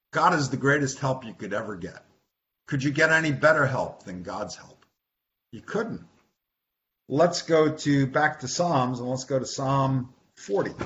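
Man, Bible study teacher, unhurried and chatty, repeats himself, slight hiss behind. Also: mid-range voice, a bit bright. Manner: conversational, repeats words, asks the group questions. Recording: dull lo-fi recording with faint hiss.

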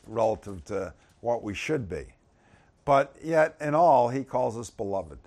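A man's voice: fairly low pitch, darkish tone, slightly rough. A man leading a casual Bible teaching, talking conversationally and turning emphatic when he reads the verses aloud.

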